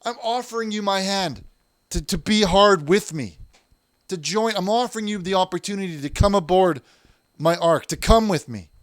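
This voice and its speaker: A self-righteous man hosting a comic call-in show, scolding callers and defending himself. His voice sits a little high and sounds close and dry. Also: moderate pace, no echo.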